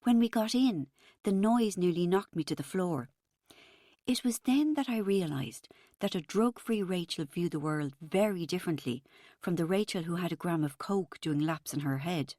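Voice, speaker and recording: A woman narrating an audiobook in the first person, with a wry, expressive storytelling manner. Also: lowish voice, normal speed, no echo, studio quality.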